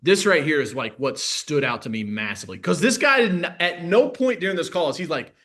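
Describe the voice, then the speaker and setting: A male sales coach runs a casual live masterclass at a fairly quick pace. His delivery is lively and full of fillers, swinging between loud bursts and low asides.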